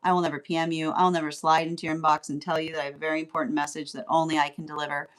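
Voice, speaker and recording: A woman's voice: sits low, little pitch movement, very fast. A woman giving a casual spoken tarot reading, rambling and often asking "right?" as she laughs along. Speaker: tarot reader.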